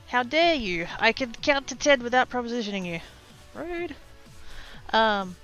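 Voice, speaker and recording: A woman's voice: fairly high pitch, expressive, slow pace, pauses often, fairly bright tone, faint music behind, poor audio. An Australian woman streaming her crafting, chatting casually and laughing as she reads the chat. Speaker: crafting livestreamer. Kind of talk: casual chat while stamping.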